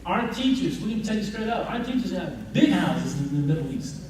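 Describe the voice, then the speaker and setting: A man teaching a religious class, telling stories in a lively, colloquial way and addressing the audience directly. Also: high voice, moderate pace, hardly any pauses. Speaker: Islamic teacher. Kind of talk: lecture with storytelling. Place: mosque or Islamic center hall. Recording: echoey hall, mic far off, faint noise.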